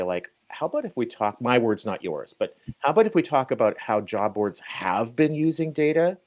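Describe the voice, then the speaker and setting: An American man co-hosting a podcast in a relaxed, upbeat way. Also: mid-range voice, dull audio. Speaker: podcast co-host. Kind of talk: podcast chat.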